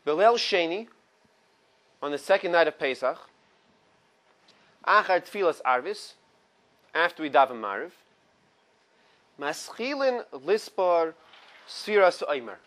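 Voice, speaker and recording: A man's voice: a little high, sing-song, measured pace, pauses often, a bit bright. A man teaches a small morning Torah class. He reads Hebrew and Aramaic phrases from the text, translates each one, and adds casual, conversational asides. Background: small study group in the room.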